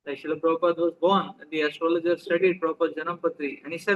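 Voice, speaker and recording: A man's voice: on the high side, flat delivery, very fast, few pauses, fairly bright tone, dull audio. A man with an Indian accent giving a conversational sermon, often asking his listeners questions and slipping into Hindi. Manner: conversational, asks the audience questions, mixes in Hindi. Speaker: spiritual teacher. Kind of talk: sermon to a live audience.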